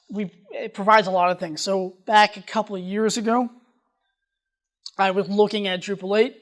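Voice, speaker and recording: Fast-talking tech conference speaker. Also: mid-range voice. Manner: talks fast, restarts sentences often. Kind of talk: technical conference presentation.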